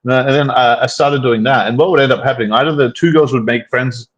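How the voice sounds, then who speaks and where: A man with a mid-pitched voice talks through his experiences in a casual chat. He rambles and keeps restarting his sentences. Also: fairly even intonation, quick pace, poor audio. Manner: rambling, frequent restarts and fillers. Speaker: host.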